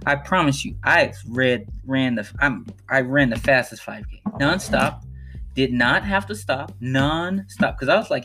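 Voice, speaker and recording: A man's voice: medium pitch, measured pace, bright, forceful tone, soft background music. Earnest man telling a personal story. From Chicago. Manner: earnest, emphatic, repeats phrases for emphasis. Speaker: podcast host.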